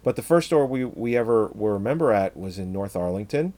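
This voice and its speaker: Low-voiced guy on a movie podcast, pitch jumps all over, acts out scenes. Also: lively intonation, brisk, dark tone. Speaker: podcast co-host. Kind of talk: casual movie review chat.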